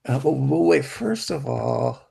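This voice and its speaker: Slow, gravelly man, dark and husky, a gentle therapist demoing a session, full of restarts. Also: medium pitch, very animated. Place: symposium hall, hybrid session.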